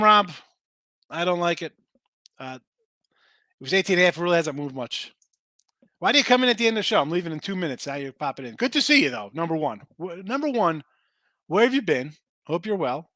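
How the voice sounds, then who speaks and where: A man hosting a sports betting show in casual chat, excitable and quick to swear, calling out viewers by name. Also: a little high, no room sound. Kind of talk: casual betting picks talk.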